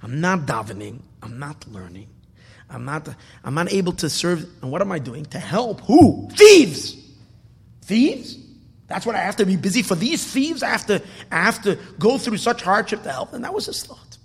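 A rabbi preaching in dramatic storytelling style, his high voice leaping and dropping from shouts to whispers. His tone is gravelly and husky. A long hall reverb trails behind him. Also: very animated, normal speed. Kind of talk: sermon storytelling. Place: hall at a Torah dedication.

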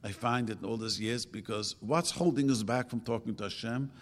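An older man gives a relaxed, conversational religious talk. His voice carries a long hall reverb, and he voices quotes with sudden leaps up in pitch. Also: normal speed. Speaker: religious teacher.

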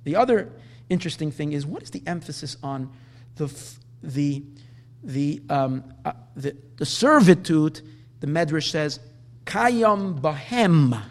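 A man with a notably high voice teaches a Talmudic lecture. He explains point by point and lingers over the Hebrew quotes. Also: lively intonation, unhurried. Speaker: Torah teacher.

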